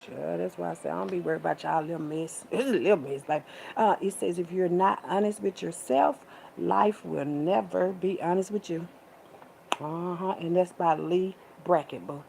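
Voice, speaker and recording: Gravelly, sassy woman preaching to camera. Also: lowish voice, a little mellow, slight background noise, low-quality recording. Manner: sassy, preachy, drawn-out with pet names. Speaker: vlogger. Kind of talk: casual monologue to camera.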